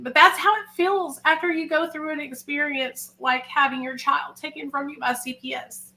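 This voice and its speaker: A woman's voice: high-pitched, normal speed, hardly any pauses, bright, forceful tone, poor audio. A young woman hosting a livestream, talking candidly and emotionally, rambling with fillers. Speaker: livestream host. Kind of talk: casual livestream talk.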